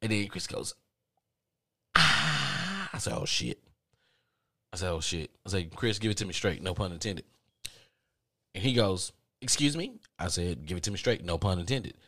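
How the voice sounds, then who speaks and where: A man's voice: deep voice, no room sound, clean studio sound. A man from the American South with a Southern accent, telling a comic story and acting out the other people on a phone call. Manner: animated, acts out both sides of a phone call in quick voices. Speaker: podcast host. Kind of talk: comedic storytelling.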